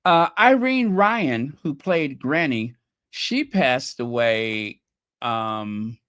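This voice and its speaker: Chatty host gossiping on a livestream, slow drawl, bouncy pitch, dry close mic. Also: animated, fairly bright tone, smooth, no echo. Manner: chatty, gossipy, teasing, laughs at own jokes; trails off searching for names. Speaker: channel host. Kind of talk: casual livestream chat.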